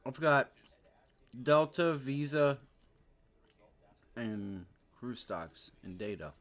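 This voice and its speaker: A man's voice: medium pitch, expressive, extremely slow. Give me a joking male day-trading stream host. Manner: joking, chatty, breaks into laughter and exclamations. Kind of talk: casual live market commentary.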